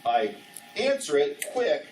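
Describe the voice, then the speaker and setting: Man, 50s, high voice, animated storyteller at a training session, slightly distant mic, faint hiss. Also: slow. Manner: animated storyteller, acts out dialogue. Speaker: ski instructor trainer. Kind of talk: storytelling presentation.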